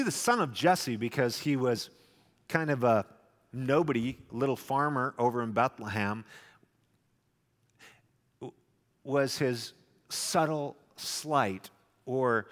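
A man's voice: medium pitch, slow, pauses often. A male pastor preaching a sermon, teaching through a Bible passage in a conversational way with wry asides. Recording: long reverb in a large hall.

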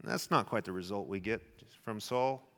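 A man's voice: fairly low pitch, moderate pace, fairly bright tone. Male pastor teaching in a reverberant hall. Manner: conversational Bible teaching, wry asides. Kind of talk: sermon. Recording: long reverb in a large hall.

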